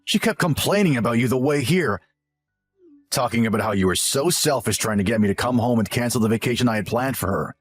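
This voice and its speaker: A man's voice: medium pitch, brisk, faint music behind, lightly acted. A man playing a smug selfish husband. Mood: condescending. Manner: condescending, whiny and scolding. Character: selfish arrogant young husband. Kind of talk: scripted story narration.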